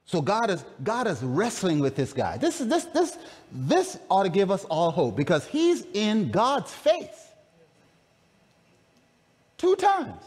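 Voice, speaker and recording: A man's voice: sits high, wildly swooping pitch, takes it slowly, a little mellow, husky. A man preaching a sermon in a dramatic, conversational way, calling out to his congregation. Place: large camp meeting hall. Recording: long reverb of a large hall.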